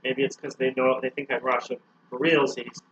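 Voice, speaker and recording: A man's voice: medium pitch, flat delivery, moderate pace, fairly bright tone. A man commentating a video game as a joke, hamming up a mock Russian accent. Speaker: let's play co-host. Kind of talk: joking gameplay commentary. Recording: dull lo-fi recording.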